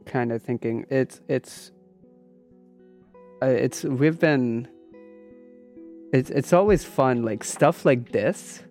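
A man's voice: mid-range voice, slow pace, long pauses, darkish tone, faint music behind. A man co-hosting a live podcast stream, talking casually and rambling, with many restarts and fillers. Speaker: podcast co-host streaming on Twitch.

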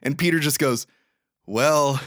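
Lively, slightly higher-voiced joking man. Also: no room sound, clean studio sound. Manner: quick joking interjections, laughs a lot. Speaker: podcast co-host. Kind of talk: casual movie chat.

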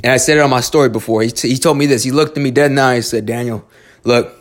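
Rapid-fire and fairly even in intonation, this mid-range male voice belongs to a storyteller offering life advice. His casual monologue is blunt and full of profanity, earnestly motivational, and riddled with restarts.

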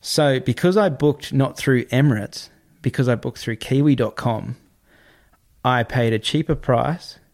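A man, a podcast guest telling a story in a casual, animated way, often swearing and repeating himself. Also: mid-range voice, unhurried. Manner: animated, repetitive, swears freely.

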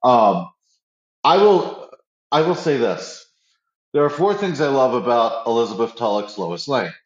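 A man's voice: mid-range voice, expressive, measured pace. Man, enthusiastic, casual, stammering restarts, roomy echo, muffled audio. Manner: enthusiastic, restarts often, acts out quotes. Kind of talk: casual pop-culture chat. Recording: roomy, slightly dull audio.

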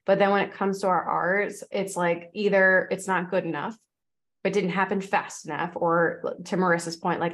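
A woman's voice: on the low side, fairly even intonation, normal speed, a bit bright. A woman fitness coach in casual podcast chat, talking loosely with many fillers and acting out quoted voices.

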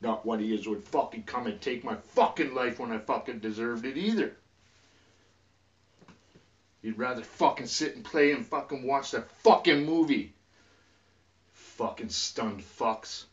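Brief: agitated man, heavy swearing, sudden shifts from mumbling to shouting, dull lo-fi sound. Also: mid-range voice, normal speed. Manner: profane and agitated, swinging from muttering to yelling. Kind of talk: rambling emotional rant to camera. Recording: distant, dull lo-fi recording.

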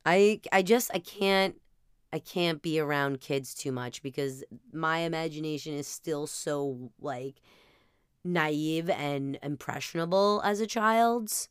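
A woman's voice: deep voice, slow pace, smooth, dry recording, studio quality. A woman with a New Jersey accent, hosting a podcast and telling rambling, self-mocking comic stories. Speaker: podcast host. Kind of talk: comedic storytelling monologue.

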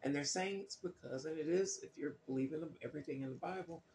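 Gravelly-voiced man questioning scripture. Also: on the high side, quick pace, a little mellow, roomy sound, slight background noise. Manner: skeptical, questioning, loose with fillers and restarts. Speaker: Bible reading commentator. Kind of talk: casual spoken commentary on scripture.

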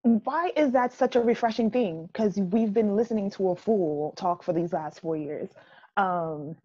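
A young woman from Jamaica co-hosting a casual chat, talking in an animated, emphatic way with laughing asides. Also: mid-range voice, unhurried. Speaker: podcast co-host. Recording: dull lo-fi sound.

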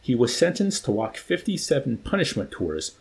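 A man reading a novel aloud in an expressive, varied way. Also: mid-range voice, normal speed, vocal fry. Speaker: reader.

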